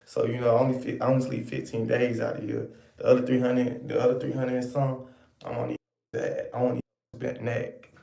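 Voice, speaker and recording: Sassy man ranting with a gravelly voice. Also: medium pitch, completely flat delivery, fairly quick, dark tone, reverberant. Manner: sassy, scolding, repetitive. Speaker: online commentator. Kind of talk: ranting commentary to viewers.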